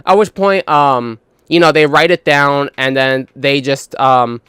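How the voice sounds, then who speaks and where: A man's voice: medium pitch, fairly even intonation, a little slow, fairly bright tone, clean tone, no room sound, studio quality. A young man telling work stories in a casual, profane, rambling monologue full of fillers and retold dialogue. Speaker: gaming channel host.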